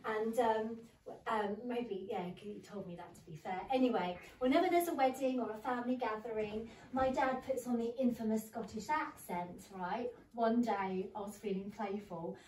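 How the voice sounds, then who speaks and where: In a comedy venue with an audience, a woman in her thirties performs stand-up without a mic, chatty and giggling at her own jokes. Her voice is a little high and darkish at a moderate pace, heard from far off in an echoey room with a faint hiss or hum.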